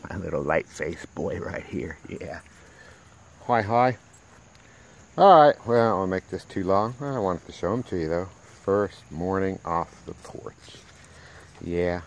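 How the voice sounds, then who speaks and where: A man's voice: sits low, slight background noise. A man, a dog breeder chatting playfully and doting on his puppies outdoors. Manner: doting, playful baby talk to dogs. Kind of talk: casual outdoor vlog talking to puppies. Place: outdoors in a rural yard.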